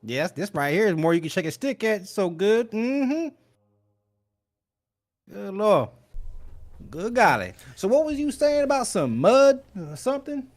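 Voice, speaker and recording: A man voicing a folksy, food-loving male rabbit adventurer who talks in a drawn-out, savoring way. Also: high-pitched, very animated, voice pushed up.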